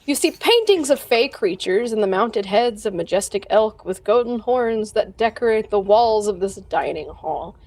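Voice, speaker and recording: A woman's voice: mid-range voice, lively intonation, normal speed, few pauses, darkish tone. A woman running a tabletop game as dungeon master, describing scenes in a casual way. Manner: casual descriptive narration with swearing.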